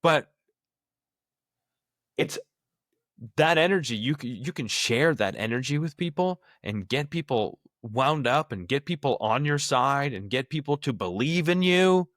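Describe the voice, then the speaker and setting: A man's voice: medium pitch, lively intonation, a little slow, a bit bright, dry recording, clean studio sound. A man co-hosting a podcast, talking casually with loose phrasing and swearing. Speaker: podcast co-host.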